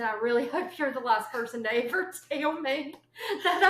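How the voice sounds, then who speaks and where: A young woman, co-hosting a casual chat show and telling stories with lively acted-out quotes. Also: high-pitched, a little fast, reverberant, poor audio. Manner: animated storyteller, acts out quotes with sudden yelps. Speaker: podcast co-host.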